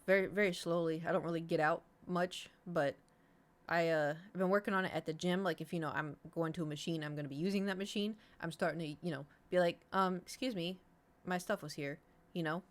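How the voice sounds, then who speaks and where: A woman's voice: on the low side, a little fast. A young adult woman streamer telling a rambling story in casual chat, swearing freely. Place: home room.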